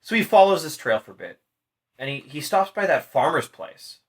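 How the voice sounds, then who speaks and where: A man's voice: fairly high pitch, moderate pace. A tipsy man casually retelling a myth on a podcast, swearing constantly and acting out the characters' lines. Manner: profane, animated, acts out characters' lines. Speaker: podcast storyteller.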